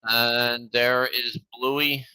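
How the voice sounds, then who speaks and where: A man streaming and chatting casually in a rambling, halting way. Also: medium pitch, level tone, bright, forceful tone, clean tone, dry recording, low-quality recording.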